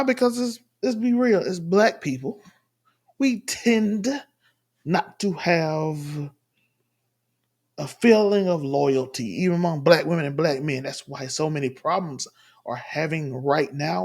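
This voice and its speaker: A man's voice: fairly high pitch, vocal fry, a little mellow, breathy edge. A man from the Southern US giving rambling, emphatic casual commentary while reacting to a clip at home. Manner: rambling, emphatic, restarts often. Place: home room.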